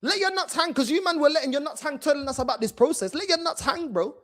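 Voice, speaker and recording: A man's voice: very high-pitched, fast talker. A man hosting a fan channel and mocking a video in heated, slangy reaction commentary. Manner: mocking, loud and animated, slangy, repeats "bro".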